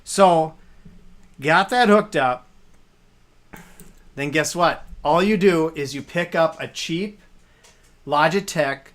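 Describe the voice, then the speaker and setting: A man's voice: a little high, slow pace, pauses often, a bit bright. A man casually explaining arcade hardware on a live stream, rambling with fillers as he points things out.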